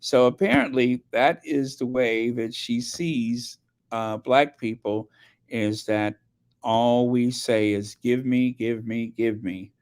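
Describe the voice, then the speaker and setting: A male host in casual commentary, voice sitting in a medium pitch. He speaks very slowly, hesitating and restarting as he goes. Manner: hesitant, many fillers and restarts. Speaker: channel host.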